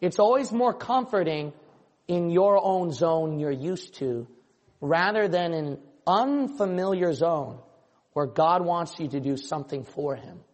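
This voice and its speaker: High-voiced preacher in a reverberant church. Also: male voice, lively intonation, a little slow. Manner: impassioned preaching, voicing imagined listeners. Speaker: pastor. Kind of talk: sermon.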